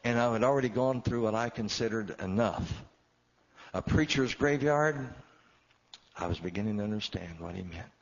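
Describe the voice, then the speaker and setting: Deep-voiced pastor telling his story. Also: steady tone, fast talker, few pauses, muffled recording. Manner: emotional storytelling, voice swelling and dropping. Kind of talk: sermon testimony.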